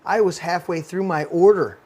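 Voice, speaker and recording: A man's voice: high voice, normal speed, a little mellow. A man hosting a talk show, telling stories in a heated, profane rant. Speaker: podcast host. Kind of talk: casual ranting talk show.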